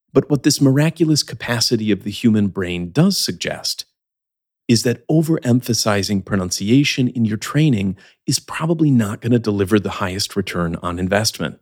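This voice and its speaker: Low-voiced man hosting a podcast lesson. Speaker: English teacher and podcast host.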